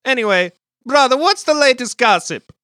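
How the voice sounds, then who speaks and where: A woman's voice: high voice, expressive, normal speed, a bit bright, dry recording, clean studio sound. A woman voicing a jealous adult male sidekick brother with a hammy put-on Italian accent, whiny and indignant. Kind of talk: improvised podcast parody.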